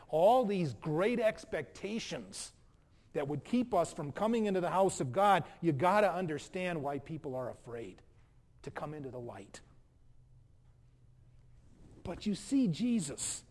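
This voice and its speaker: Male pastor, higher-pitched voice, animated sermon delivery with acted-out quotes. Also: normal speed. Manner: animated preaching, acts out quotes.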